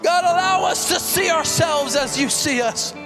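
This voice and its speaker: A man's voice: very high-pitched, moderate pace, in a large hall, music in the background. A man preaching a fervent sermon as a pastor, building with repeated rhetorical questions.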